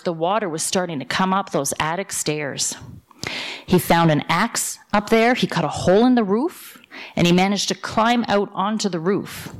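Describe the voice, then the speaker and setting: A woman preaching a sermon, retelling a parable and a modern story in a lively storytelling way. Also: mid-range voice. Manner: lively storyteller, voicing characters in quotes.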